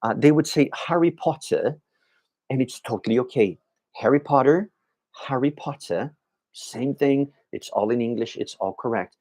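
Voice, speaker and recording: A man teaching an English class live, answering viewers' questions by name and sounding words out slowly. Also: medium pitch, darkish tone. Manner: models pronunciation of words slowly. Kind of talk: live-streamed language lesson.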